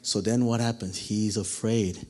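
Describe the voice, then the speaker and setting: A man's voice: fairly low pitch, fairly even intonation, a little slow, dark tone. A man preaching a sermon, asking the listeners questions and acting out the quoted lines. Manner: dramatic, acts out quotes, asks the congregation questions.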